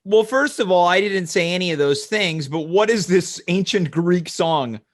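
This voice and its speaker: A man hosting a comedy talk show, asking earnest questions in a deadpan way. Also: sits high, normal speed. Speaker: host.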